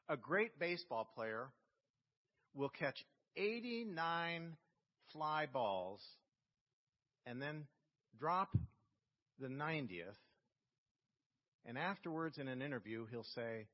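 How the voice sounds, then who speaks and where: A man's voice: on the high side, expressive. Man preaching in an echoey church. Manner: storytelling with slow, emphatic phrasing. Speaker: pastor. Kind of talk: sermon. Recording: long reverb in a church hall, dull lo-fi sound.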